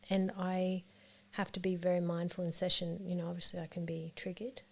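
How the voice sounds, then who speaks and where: An Australian woman, a therapist and author, explaining her work in a relaxed interview chat, often laughing. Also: fairly low pitch, brisk, gravelly.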